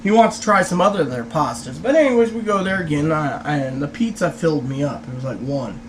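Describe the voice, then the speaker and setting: A man's voice: a little high, animated, brisk, slight background noise. A man vlogging in a casual, rambling storytelling way, full of hesitations and fillers, who raises his voice to act out what other people said.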